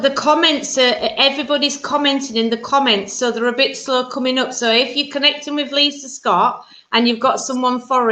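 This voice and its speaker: Bright woman hosting a church livestream. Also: a little high, reverberant, low-quality recording. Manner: brisk, reassuring instructions. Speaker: church minister hosting a live service. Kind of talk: casual live-stream hosting.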